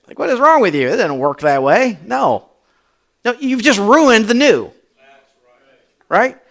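A man preaching a sermon as pastor, animated, with repetition and acted-out voices. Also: extremely high pitch, a little slow, vocal fry, long pauses.

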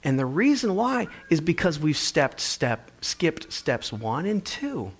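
A man's voice: on the high side, very animated, slow, slightly rough. Man preaching in a storytelling way. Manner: conversational storytelling with emphatic, varied delivery. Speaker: pastor. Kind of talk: sermon.

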